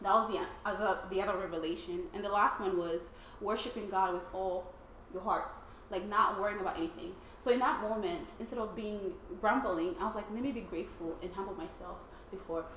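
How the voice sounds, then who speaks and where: A woman sharing a personal faith testimony with a small group in a casual, excitable way, often laughing and acting out her own thoughts. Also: medium pitch, brisk. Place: room with other people, casual group. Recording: roomy, faint background noise.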